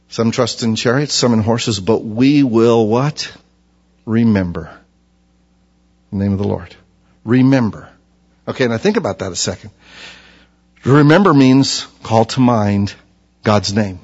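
Man preaching a sermon in a reverberant hall. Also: lo-fi sound. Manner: emphatic, repeats key phrases, drops to a hushed low voice.

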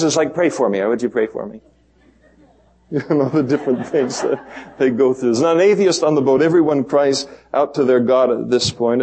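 A man's voice: medium pitch, a little mellow, rough recording. A male pastor preaching verse by verse in a conversational way, chuckling between points. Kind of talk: expository sermon.

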